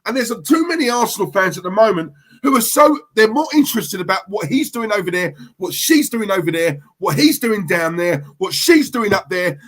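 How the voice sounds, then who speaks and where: A man's voice: high voice, big pitch swings, normal speed, hardly any pauses, fairly bright tone. A man ranting to camera as a football fan vlogger, heated and emphatic, repeating himself for effect.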